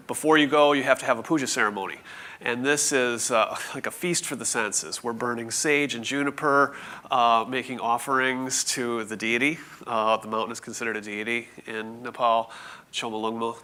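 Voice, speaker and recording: A man in his forties telling a conference audience a story, halting with many fillers and restarts, with light chuckles. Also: medium pitch, bright, forceful tone. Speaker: conference speaker. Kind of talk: presentation talk.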